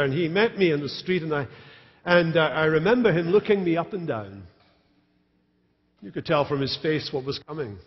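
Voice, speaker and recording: Male pastor, fairly high voice, dry wit, sermon in a reverberant church, dull stream sound. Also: husky. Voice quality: storytelling, dry humor. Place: large church sanctuary.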